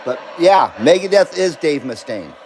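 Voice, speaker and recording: A man's voice: on the high side, sing-song, normal speed, a little mellow, slight background noise, low-quality recording. A man hosting a casual live-stream about CB radio, chatting loosely, laughing often and reading viewer comments aloud. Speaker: CB radio livestream host.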